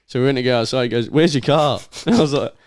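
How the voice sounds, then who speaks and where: A man's voice: mid-range voice, rapid-fire, smooth. Laughing guy telling a story. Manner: laughing storyteller, swears a lot. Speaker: podcast guest. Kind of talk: casual chat.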